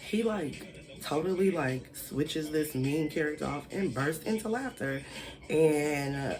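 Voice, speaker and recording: A casual storytime vlogger with a mid-pitched voice, talking in a loose, chatty way full of "like" and frequent swearing. The telling is animated, jumping into the voices of the people in the story. Soft music plays faintly underneath. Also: slow pace. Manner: animated, acts out quoted people.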